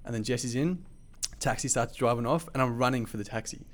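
A man telling a story in casual chat, animated and swearing freely, with lots of fillers. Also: medium pitch, a little fast.

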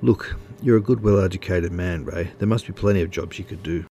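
A man's voice: deep voice, brisk, mellow, muffled recording, slight background noise. A man voicing a smug male magazine editor who lectures a writer over the phone. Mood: smug lecturing.

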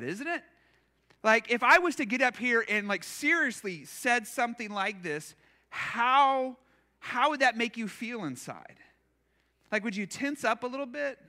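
A man's voice: extremely high pitch, sharp tone. A man preaching a conversational sermon as pastor in a church, casual and self-deprecating, acting out imagined quotes.

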